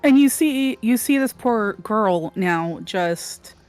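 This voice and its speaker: A woman's voice: mid-range voice, lively intonation, takes it slowly, a little mellow. Casual woman player with faint music. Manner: casual, hesitant, switching into her character's voice. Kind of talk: playing a tabletop role-playing game.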